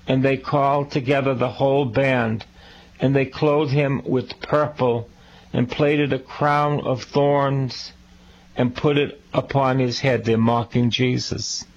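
A man's voice: mid-range voice, darkish tone, lo-fi sound. A male priest reading scripture aloud and commenting on it, earnest, repeating key lines for emphasis and asking listeners direct questions. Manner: slow, deliberate, asks listeners direct questions.

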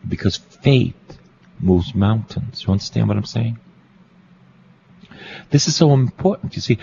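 A man's voice: on the low side, expressive, a little slow, gravelly, long pauses, warm tone, highs cut off, a little hiss or hum. A Catholic priest, a man, preaching a storytelling sermon, repeating phrases for emphasis and asking his listeners questions.

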